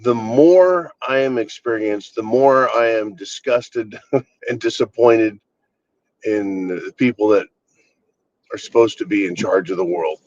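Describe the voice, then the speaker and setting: A man's voice: on the low side, a little slow, a little mellow, no echo, dull audio. A man hosting his own channel, ranting bluntly and with exasperation, swearing freely. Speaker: channel host. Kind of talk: casual political rant.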